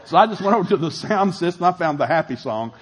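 A middle-aged man preaching a sermon, telling a family story with animated, shouted retellings. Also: fairly high pitch, fast talker, a little hiss or hum. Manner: animated, shouting in acted-out scenes, laughing. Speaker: pastor.

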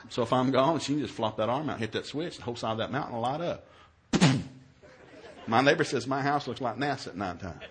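A man who is a minister, telling a humorous story in a sermon, acting out his own yelled lines in a raised voice. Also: a little fast. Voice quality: animated, shifts to high yelling quotes.

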